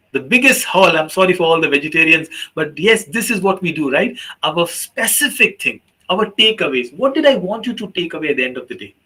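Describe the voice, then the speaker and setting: A man's voice: a little high, husky, rough recording. A man giving a teachers' workshop talk as a trainer, telling a long story and acting out the voices of the people in it. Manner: animated storyteller, acts out quoted voices.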